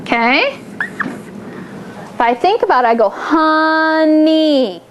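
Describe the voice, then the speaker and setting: A woman teaching a phonics lesson to a small group of children, upbeat and encouraging, stretching out words slowly to model them. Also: high-pitched, big pitch swings, dull audio, a little hiss or hum.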